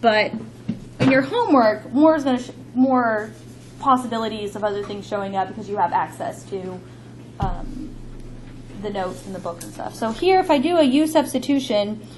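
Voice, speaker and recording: Woman instructor, higher voice, brisk step-by-step class explanation, faint room noise. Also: expressive. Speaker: math instructor. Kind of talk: classroom lecture.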